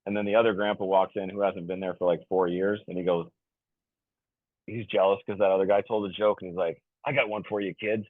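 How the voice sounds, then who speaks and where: A man in his fifties with a deep voice tells a rambling, casual story on a podcast, full of restarts and fillers, delivered flatly and fairly quickly. His tone is jokey, and he describes himself as goofy. The recording sounds thin and phone-like, dry with no echo.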